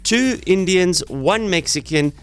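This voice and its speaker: A man's voice: high voice, animated, measured pace, a bit bright, clear, resonant tone, faint music behind. A man hosting a morning radio show, interviewing a guest in studio in a chatty way with frequent restarts. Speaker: radio host.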